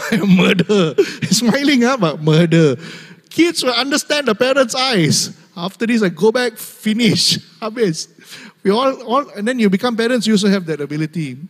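A man's voice: high voice, expressive, moderate pace, big-room sound. A young man preaching a humorous sermon, laughing often and mimicking voices in asides. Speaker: pastor.

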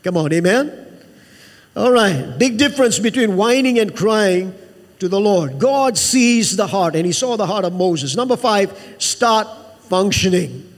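Preacher guy with a really high voice, hammering the same words over and over, big church echo. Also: lively intonation, a little slow. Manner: emphatic preacher, repeats words, asks the congregation for amen. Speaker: pastor. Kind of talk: sermon.

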